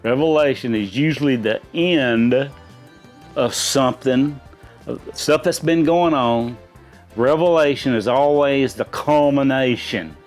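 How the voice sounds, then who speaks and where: A man's voice: medium pitch, takes it slowly, soft background music. A middle-aged man, a dad hosting a trivia chat, answering in rambling, folksy explanations. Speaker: quiz host, a gamer's dad answering questions. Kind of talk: casual chat.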